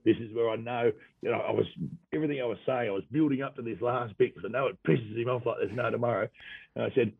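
A man's voice: mid-range voice, fast, gravelly, husky, dry recording. A man from Western Australia with an Australian accent, a former footballer telling rambling, laughing anecdotes as an interview guest. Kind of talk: casual storytelling interview. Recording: tinny phone-like radio sound, dry.

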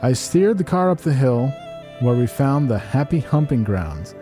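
A man hosting a comedy podcast, reading an erotic letter aloud in a deadpan, mock-solemn way. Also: medium pitch, normal speed, soft background music. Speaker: podcast host.

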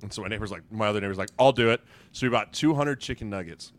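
A man, a former pro football player, telling relaxed, chuckling stories in a casual podcast chat. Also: on the low side, racing. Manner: laid-back storyteller, chuckles through his tales.

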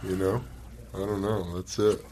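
A man's voice: low voice, level tone, normal speed, warm tone, a little hiss or hum. A man co-hosting a casual talk show, mostly chiming in with short, laid-back agreements. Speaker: podcast co-host. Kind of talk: casual chat.

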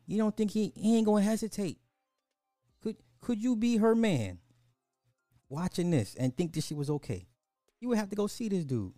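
Dark-voiced exasperated male podcast host. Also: high voice, lively intonation, normal speed, pauses often, no echo, clean studio sound, soft background music. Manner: exasperated, repeats phrases for emphasis. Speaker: podcast host reacting to clips. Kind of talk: commentary podcast.

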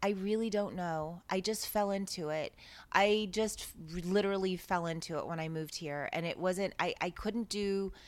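A woman's voice: on the low side, normal speed, no room sound. A woman telling a story in a casual chat, acting out the voices of the people she quotes. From Texas. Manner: animated, acts out quoted voices. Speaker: guest.

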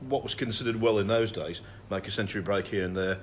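A man's voice: fairly low pitch, steady tone, quick pace, slight background noise. A man speaking as a podcast guest in casual chat, summing up his points thoughtfully.

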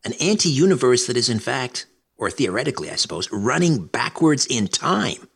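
A man's voice: mid-range voice, big pitch swings, normal speed, creaky, a bit bright, husky. A man hosting a talk radio show, conversational and affable as he questions guests and introduces segments.

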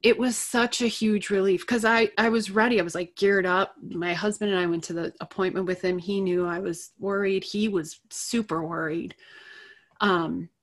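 A woman's voice: mid-range voice, normal speed. Candid middle-aged woman telling a personal story. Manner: candid, animated, laughs between phrases. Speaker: guest.

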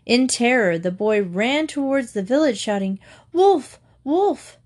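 A woman calmly reading fables aloud, clear and steady as a storyteller. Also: a little high, moderate pace. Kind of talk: scripted storybook narration.

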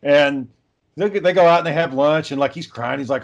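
A man's voice: on the high side, a little fast, dull audio. A man hosting a podcast in casual chat, telling stories with swearing and laughter.

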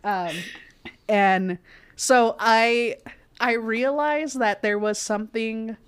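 A woman's voice: on the high side, takes it slowly, smooth, no room sound. A woman co-hosting a podcast in casual chat, hesitant with many ums and frequent laughter. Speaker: podcast co-host.

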